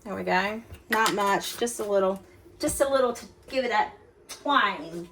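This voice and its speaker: A woman's voice: medium pitch, a little slow, noisy background. A woman hosting a casual cooking demonstration in her home kitchen, chatty and folksy, talking straight to her viewers. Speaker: cooking channel host. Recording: kitchen clatter of dishes and utensils.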